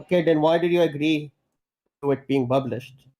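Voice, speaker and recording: A man's voice: on the high side, normal speed, warm tone. A man interviewing a call-in guest, pressing with accusatory questions and talking over her. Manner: pushy, accusatory, talks over others. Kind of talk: confrontational questioning. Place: streaming setup.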